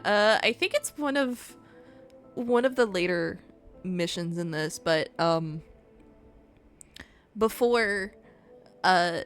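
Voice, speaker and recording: A woman's voice: fairly low pitch, fairly bright tone. Giggly young woman streamer, chatty. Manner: chatty and giggly, laughs often between remarks; rambling, with frequent restarts and fillers. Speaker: game streamer. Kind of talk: casual gameplay chat.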